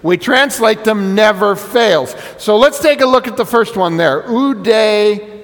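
High-voiced pastor teaching in a hall. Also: male voice, lively intonation, moderate pace, vocal fry, fairly bright tone. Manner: explanatory, conversational, emphatic repetition. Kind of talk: teaching sermon.

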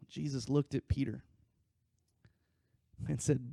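High-voiced preacher with dramatic swings. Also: male voice, measured pace, no echo. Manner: dramatic, swings between loud emphasis and quiet asides; acts out scripture quotes conversationally. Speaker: pastor. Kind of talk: sermon.

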